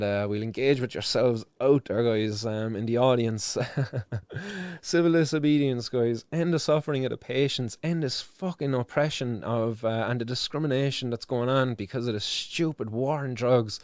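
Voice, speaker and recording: On a live news show, an Irish host with a mid-range, slightly mellow voice gives emotional, impassioned commentary, cursing freely and repeating himself to drive his point home. The recording has no echo.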